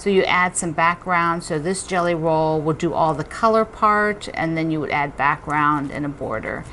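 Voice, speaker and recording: A woman's voice: deep voice, moderate pace, slight background noise. Chatty middle-aged woman unboxing. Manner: chatty and excitable, laughs often, trails off mid-sentence. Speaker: quilting channel host. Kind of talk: casual unboxing chat to camera.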